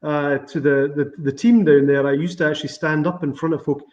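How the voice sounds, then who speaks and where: Scottish winemaker guest, middle-aged man, higher voice, chatty and quick to laugh. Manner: chatty, laughs often, animated storytelling. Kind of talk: virtual tasting interview. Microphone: video call. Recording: roomy, slightly dull video call audio.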